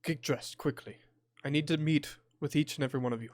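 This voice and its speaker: A man voicing a brisk male airship captain who gives curt, urgent orders. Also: on the high side, no room sound, close to an everyday voice.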